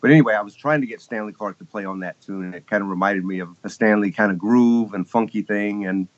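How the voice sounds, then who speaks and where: Man in his 50s, low voice, rambling chuckling interview guest, muffled audio. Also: fast talker. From Texas, US. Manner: rambling, chuckling, many restarts. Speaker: guest keyboardist. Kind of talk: casual interview storytelling.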